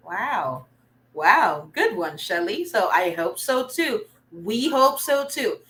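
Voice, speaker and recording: A woman's voice: medium pitch, very animated, slow pace, fairly bright tone, poor audio. A young woman, teaching an online reading lesson in an upbeat way, praising students and answering their comments. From Philippines. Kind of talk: livestreamed remedial reading lesson.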